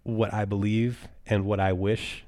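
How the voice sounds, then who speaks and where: A man's voice: on the low side, level tone, a little slow, warm tone, no room sound, studio quality. A man co-hosting a podcast in casual chat, joking and laughing often. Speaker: podcast co-host.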